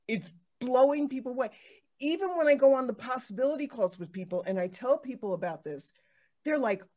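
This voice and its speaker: Woman host, casual chat, animated storyteller, lots of fillers and restarts. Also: mid-range voice. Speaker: podcast host.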